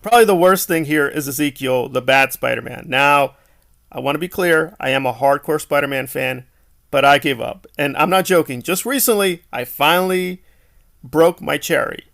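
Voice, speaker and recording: Gravelly, exasperated male film reviewer. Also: on the high side, a bit bright. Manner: exasperated, sarcastic, rhetorical questions. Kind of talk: casual opinionated film review.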